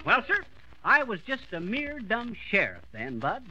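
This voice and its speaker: A man's voice: sits high, huge pitch swings, a little slow, bright, forceful tone, exaggerated voice, poor audio. A man playing a boastful small-town braggart in a 1940s radio comedy, folksy and blustering. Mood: bragging. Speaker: comedy lead.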